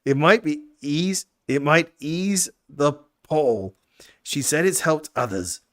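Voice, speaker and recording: A man's voice: mid-range voice, lively intonation, measured pace, natural voice. A man putting on a weary grieving frontier man. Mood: melancholy. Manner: folksy, rough put-on rural accent.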